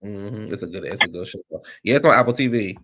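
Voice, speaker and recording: A man with a fairly low voice hosts a casual livestream chat into his streaming mic. He rambles loosely, circling back with plenty of "like" and restarts. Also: expressive, fast, sharp tone, slight background noise. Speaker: livestream host. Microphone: streaming microphone.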